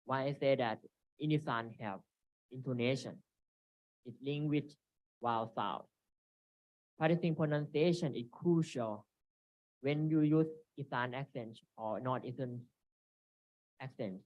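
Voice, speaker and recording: Halting man presenting a seminar. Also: mid-range voice, no echo. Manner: halting, reads from slides with frequent restarts. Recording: dry, dull lo-fi recording.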